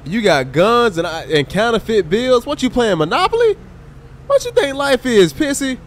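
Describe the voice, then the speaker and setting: A man with a very high voice streams a police role-play game live, playing a state trooper, chatting with viewers and exclaiming at game characters in an animated way. He speaks at normal speed, and there's a little hiss or hum in the audio.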